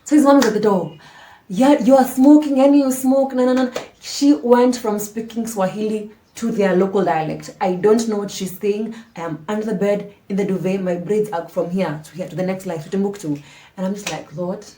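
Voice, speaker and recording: A woman recounts an embarrassing story for her vlog audience in a lively, slangy voice. She swings from dramatic emphasis to near-whispered asides. The room around her is echoey, with faint background noise. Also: medium pitch, fairly quick. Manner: animated, dramatic, slangy, drops to hushed asides. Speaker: storytime vlogger. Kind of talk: casual storytelling to camera. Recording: roomy echo.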